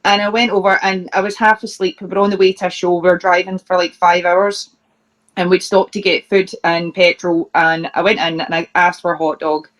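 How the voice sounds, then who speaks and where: Lowish and fairly flat in pitch, a bit bright, and quick in delivery, a woman from Scotland who wrestles professionally trades amusing stories as an interview guest. Her talk is relaxed and full of laughter.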